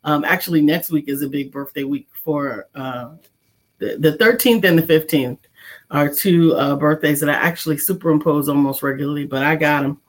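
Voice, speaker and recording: A woman's voice: deep voice, normal speed. A woman co-hosting a casual morning talk show, playful, repeating greetings in a sing-song way. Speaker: co-host.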